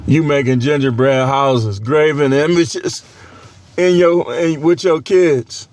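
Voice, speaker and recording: A man's voice: a little high, takes it slowly, darkish tone. A man with a cold who coughs now and then, preaching a casual, joking sermon with lots of laughter and slangy banter.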